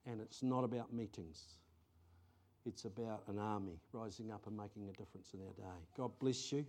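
A middle-aged man, preaching a conversational sermon and telling stories with sudden bursts of excitement. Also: lowish voice, normal speed. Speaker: pastor.

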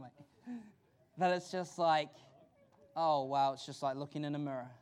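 A man with a New Zealand accent preaching a sermon in a church, excited and conversational, often restarting his sentences. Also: fairly high pitch, clean tone. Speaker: pastor.

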